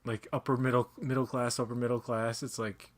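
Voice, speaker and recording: A man's voice: mid-range voice, flat delivery, a little fast. A man with a Newfoundland accent, chatting casually while watching a movie. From Newfoundland, Canada. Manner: chatty, tells stories with put-on voices. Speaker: co-host. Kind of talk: casual watch-along chat.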